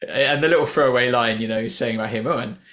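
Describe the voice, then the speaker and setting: A man co-hosting a reaction show at a middle pitch. His talk is casual and chatty, and he chuckles often. His sentences loop back and restart as he gathers his thoughts. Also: fast talker, fairly bright tone.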